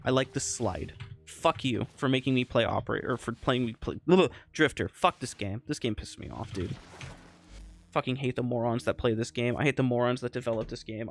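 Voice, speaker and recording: Angry young man swearing over a game. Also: mid-range voice. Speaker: gamer streamer. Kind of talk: casual gameplay rant.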